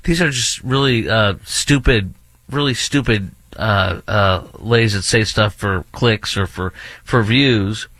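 A man's voice: on the low side, slow pace, fairly bright tone, no room sound. A man hosting an opinionated commentary monologue, indignant and repetitive, with many fillers and restarts. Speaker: political commentary host.

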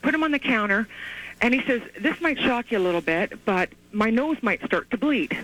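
A woman calling in to a radio show over the phone, telling her story in an excited, rambling way with many restarts. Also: on the high side, normal speed, no echo. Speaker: caller. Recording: tinny phone line.

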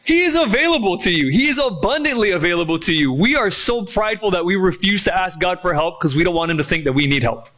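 A man preaching a sermon as pastor, animated and acting out quoted voices. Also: high voice, quick pace, hardly any pauses.

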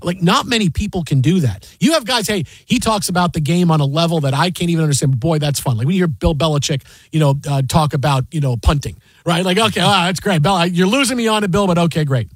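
A man in his thirties co-hosting a sports talk show, telling stories in a relaxed chat and acting out quotes in a higher voice. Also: fast, hardly any pauses, slightly rough, dry recording. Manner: storytelling, acts out quotes in a higher voice. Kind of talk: casual radio chat.

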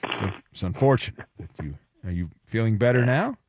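A man's voice: fairly low pitch, animated, brisk, a little mellow, no echo, studio quality. A man hosting a sports talk radio show, teasing his callers with jokes. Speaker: radio host. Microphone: studio mic.

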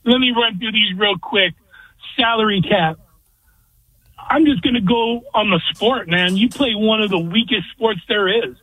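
A man's voice: high-pitched, a little slow, bright, forceful tone, slightly rough, no room sound. A man calling in to a sports radio show, giving blunt, ranting opinions. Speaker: caller. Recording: phone line.

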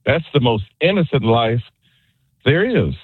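A man's voice: medium pitch, lively intonation, unhurried, breathy edge, no echo. A man calling into a radio show over the phone, argumentative and insistent. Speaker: radio caller. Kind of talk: call-in radio talk. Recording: tinny phone line.

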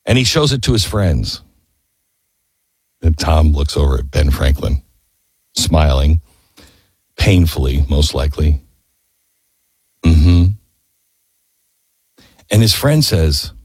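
Husky, impassioned man telling history. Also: very deep voice, big pitch swings, slow, long pauses, no echo. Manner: emphatic, with rhetorical questions to the audience; earnest, urging listeners. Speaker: history speaker. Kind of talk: impassioned storytelling history talk.

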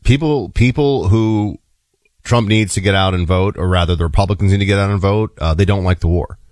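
A man co-hosting a talk radio show, chatting casually and joking, sometimes mock shouting. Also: sits low, fairly quick, no echo. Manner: animated, jokey, mock shouting. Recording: dry studio sound.

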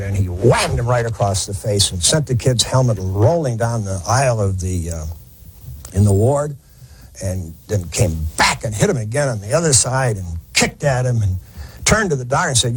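Husky-voiced man telling war history. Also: medium pitch, very animated, normal speed, rough recording. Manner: folksy, conversational, with many fillers and restarts. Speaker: historian lecturer. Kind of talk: storytelling lecture.

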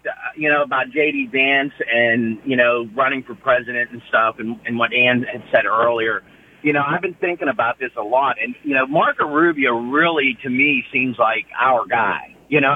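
A man from the area, calling in over a tinny phone line with faint hiss. He rambles, stacking up fillers as he talks. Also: medium pitch. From Pittsburgh area. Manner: rambling, lots of "you know". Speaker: caller.

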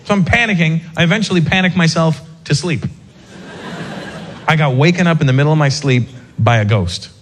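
A man doing a stand-up comedy set, telling a story with lively put-on voices. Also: on the high side, fairly quick, a little hiss or hum. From North America.

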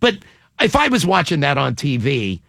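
A man's voice: on the high side, wildly swooping pitch, moderate pace, creaky, sharp tone, no room sound, studio quality. A man hosting a radio show, bantering and laughing casually with his co-hosts.

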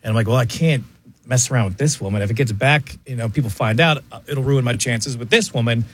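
Wry, self-mocking husky man. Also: mid-range voice, a little fast. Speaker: co-host. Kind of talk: casual chat.

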